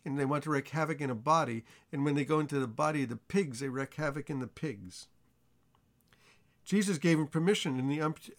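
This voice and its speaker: A man preaching a sermon, reading scripture aloud and explaining it in plain, conversational asides. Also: mid-range voice.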